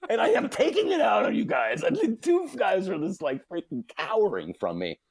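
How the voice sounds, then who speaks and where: A man's voice: high-pitched, sing-song, fairly quick, gravelly, husky, dry recording. A man, a podcast guest, telling a comic story with big energy, often laughing mid-sentence and acting out the quotes.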